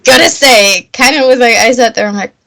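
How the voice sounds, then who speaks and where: A woman's voice: on the high side, fairly quick, vocal fry, bright, forceful tone, rough recording. A woman from Germany co-hosting a podcast, chatting casually with frequent laughs and repeated words. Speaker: podcast co-host. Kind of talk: casual chat.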